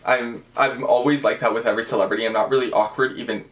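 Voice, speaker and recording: A man's voice: medium pitch, fast. Gushing young man. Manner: gushing, animated, with many fillers. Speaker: vlogger. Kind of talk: casual storytime vlog.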